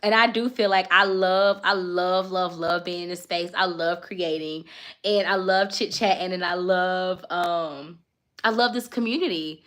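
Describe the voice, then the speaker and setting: A woman's voice: lowish voice, unhurried. A woman in her thirties chatting casually while folding laundry, encouraging her viewers, often laughing and openly emotional. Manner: warmly emotional, faith-minded. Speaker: lifestyle content creator and mom.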